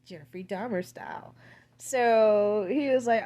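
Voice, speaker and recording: A woman's voice: medium pitch, unhurried, darkish tone. A woman tells a film's plot in loose, casual chat. She rambles from point to point, drops crude slang and leans on filler words throughout. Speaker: film reviewer. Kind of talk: casual film recap.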